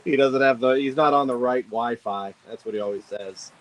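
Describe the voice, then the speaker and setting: A man's voice: medium pitch, normal speed. A man hosting a casual livestream, joking around and laughing often. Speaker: host.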